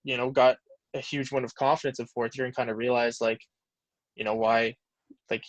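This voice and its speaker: A Canadian pro football lineman in his twenties tells stories as an interview guest, rambling, reflective, and saying "like" constantly. His mid-range voice is level at a normal speed. The recording is dry and lo-fi.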